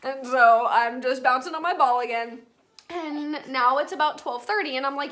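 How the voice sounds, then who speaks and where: A young woman tells a personal story straight to her viewers, calling them y'all. Her voice sits high and sounds bright and forward. She keeps the delivery loose, casual and talkative. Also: moderate pace. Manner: chatty, addresses viewers as y'all. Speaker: vlogger.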